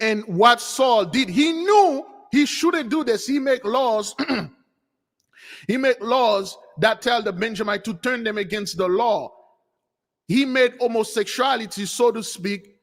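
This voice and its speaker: A man teaching a spiritual lesson as an animated storytelling sermon. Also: high voice. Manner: animated storytelling, acts out voices. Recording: long hall reverb.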